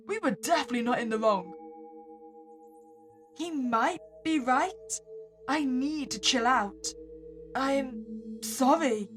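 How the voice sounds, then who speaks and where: Playing through a horror visual novel with music behind her, a female streamer voices the player's lines and adds dry, sarcastic remarks. She speaks slowly in a high, animated voice and pauses often.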